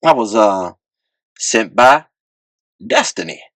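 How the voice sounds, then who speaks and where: A man voicing a young, overconfident smooth talker who stammers when cornered. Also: on the low side, expressive, slow pace, a bit bright, dry recording. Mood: flustered. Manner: cocky yet flustered, stammering. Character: young male smooth talker, cocky but nervous.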